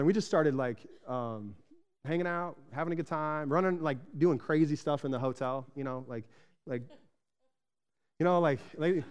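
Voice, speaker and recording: Smooth-voiced man preaching a casual sermon. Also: mid-range voice. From Arizona, USA. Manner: casual, chatty preaching with frequent "right?" asides to the congregation; animated storytelling, rising louder when excited. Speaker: pastor.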